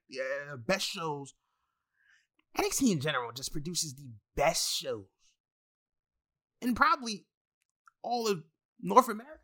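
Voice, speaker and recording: A young man hosts his own podcast in an excitable, profane rant that keeps restarting its sentences. His voice sits a little high and sounds bright and forceful. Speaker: podcast host. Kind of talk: solo wrestling podcast rant.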